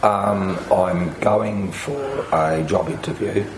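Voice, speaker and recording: A man with laryngitis speaking hoarsely and hesitantly as a volunteer client in a role-play therapy session. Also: sits low, animated, slow. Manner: hesitant, with many ums and restarts. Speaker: workshop volunteer playing a client. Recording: echoey room with noise.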